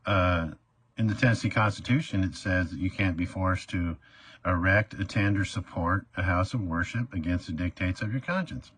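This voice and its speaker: A low, husky man recounting a story casually, stumbling over uh and um as he goes. He acts out the voices of the people in it. The recording is dry and close. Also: moderate pace, a bit bright, dry recording. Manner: rambling, many uh fillers, acts out quotes.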